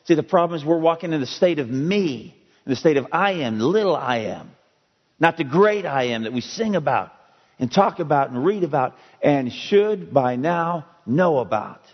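Man preaching, slow emphatic sermon, slightly high voice, muffled recording in a reverberant hall. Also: expressive, slightly rough. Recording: dull audio with long hall reverb.

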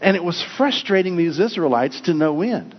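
A man's voice: fairly high pitch, expressive, moderate pace. A man preaching a sermon in an earnest storytelling manner, often restarting his phrases. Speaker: pastor. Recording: lo-fi with long hall reverb.

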